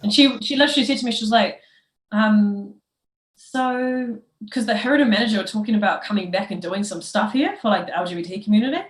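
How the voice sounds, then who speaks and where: A woman's voice: mid-range voice, quick pace. A young woman chats loosely on a podcast, spinning a story between laughs and fillers. Her voice sits in a middle range. The room around her rings with echo. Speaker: guest. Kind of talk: casual podcast chat.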